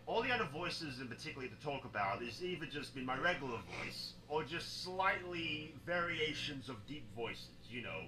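A man's voice: a little high, lively intonation, normal speed, hardly any pauses, rough recording. A man voice actor narrating a chatty, self-deprecating behind-the-scenes recap. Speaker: voice actor and animator.

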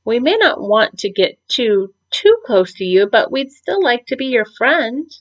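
A woman's voice: fairly high pitch, very animated, measured pace, pitched above the performer's own voice. Chirpy little bee, woman-voiced. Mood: cheerful. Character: cheerful friendly young bee. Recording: dull lo-fi recording.

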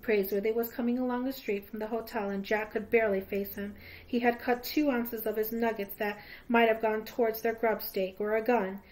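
A woman, a teacher, reading a children's novel aloud in a steady storytelling voice with a few small slips. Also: fairly high pitch, a little fast, poor audio. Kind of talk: children's book read-aloud.

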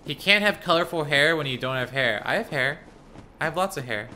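A man's voice: on the high side, brisk, bright, forceful tone, slight background noise. A man streaming a game live, casually chatting and teasing his chat. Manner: playful, teasing, reads chat aloud.

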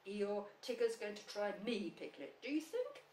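A woman doing an excited baby kangaroo. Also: extremely high pitch, a little fast, echoey room, recorded from a distance, slight background noise, pitched above the performer's own voice, exaggerated voice. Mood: eager. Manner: eager, excited. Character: small excited young male kangaroo.

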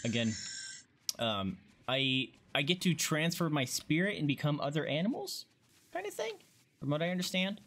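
A man streaming a video game in casual let's-play commentary, gushing and excitable, squealing and swearing as he plays. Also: fairly high pitch, normal speed, a little hiss or hum. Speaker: gaming streamer.

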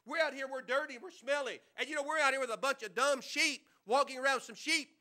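A man's voice: extremely high pitch, fast, pushed and bright, exaggerated voice. A man voicing a humble shepherd in a sermon, speaking plainly and earnestly with a touch of stammering wonder. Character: humble, awestruck male shepherd being interviewed.

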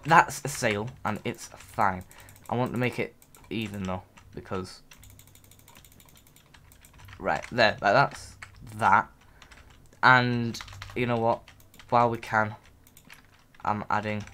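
A man's voice: fairly low pitch, slow pace, pauses often, bright, forceful tone. A man hosting a gaming video, casually talking through his build and getting flustered as time runs out. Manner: chatty, narrates his own moves, gets flustered under time pressure. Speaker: channel host. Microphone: desk mic.

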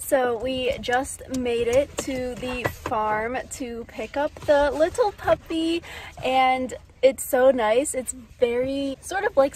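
A woman's voice: high voice, a little hiss or hum. A young woman chatting casually in her vlog, bubbly and cooing at her pets. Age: young adult. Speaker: vlogger.

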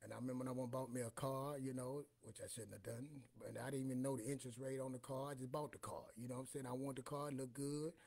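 Husky-voiced man telling life stories. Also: mid-range voice, steady tone, quick pace, few pauses, a little mellow. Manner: rambling, repeats "you know what I'm saying". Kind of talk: casual storytelling monologue.

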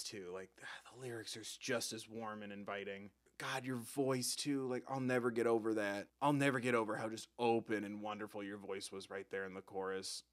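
A man's voice: fairly low pitch, steady tone, a little fast, a bit bright. Emotional, swearing young man reacting. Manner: emotional, swears often, laughs between words. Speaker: reaction video host. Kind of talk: casual reaction commentary.

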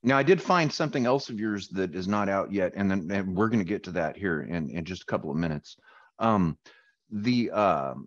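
A man hosting an interview, talking casually and hesitantly with many pauses and restarts. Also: sits low, expressive. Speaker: interview host. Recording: dull, lo-fi call audio.

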